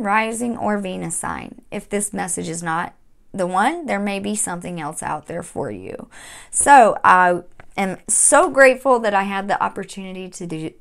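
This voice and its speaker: A woman hosting a tarot reading, speaking in a gentle, encouraging way with frequent fillers and restarts. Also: medium pitch, vocal fry. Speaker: tarot reader. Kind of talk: monthly tarot reading to camera.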